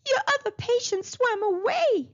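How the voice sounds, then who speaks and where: Storybook figure: a woman playing a timid, hesitant octopus apprentice, high and slow. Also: expressive, muffled recording. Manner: hesitant, murmuring.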